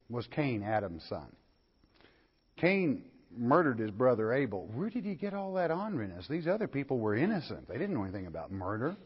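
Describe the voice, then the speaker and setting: A man's voice: medium pitch, slightly rough. An older man, lecturing on scripture as a pastor, folksy and asking his listeners questions. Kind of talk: verse-by-verse Bible lecture. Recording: lo-fi recording in a hall.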